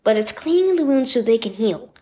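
A woman voicing a caring mother who speaks softly and reassuringly to her hurt son. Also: on the high side, big pitch swings, brisk. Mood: comforting. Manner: soft, reassuring.

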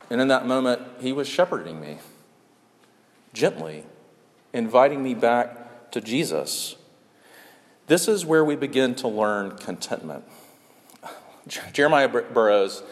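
A male pastor preaching a sermon, earnest and repetitive in his emphasis, dropping into soft hushed passages. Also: lowish voice. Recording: long reverb of a large hall.

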